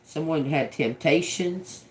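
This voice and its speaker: A man's voice: on the high side, takes it slowly. A man doing a casual tarot reading, rambling and cursing, often repeating single words as they come to him. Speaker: tarot reader.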